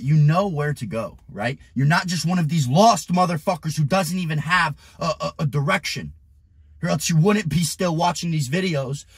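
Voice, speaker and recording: A young man coaching in an aggressive, profane motivational rant, often shouting at the viewer. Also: fairly high pitch, slightly rough, dry recording. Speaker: business and fitness coach.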